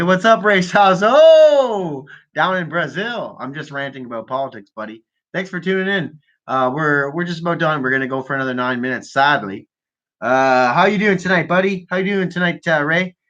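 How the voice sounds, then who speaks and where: A man's voice: a little high, sharp tone, highs cut off. A man hosting a live call-in show from Canada, stoned and ranting about politics in a profane, rambling, mocking way. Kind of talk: casual stoned political rant.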